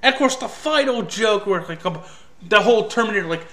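A man's voice: high-pitched, moderate pace, fairly bright tone. A man ranting through a film review, exasperated and sarcastic, swearing freely.

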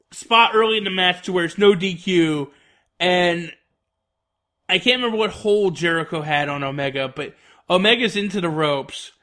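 A man's voice: high-pitched, sharp tone. A man giving an enthusiastic, rambling spoken review, full of fillers. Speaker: wrestling reviewer.

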